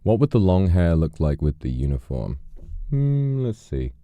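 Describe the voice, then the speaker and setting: A man's voice: sits low, very animated, a little slow, no echo, narrow, tinny audio. A man streaming, chatting casually with viewers, rambling with lots of fillers and restarts.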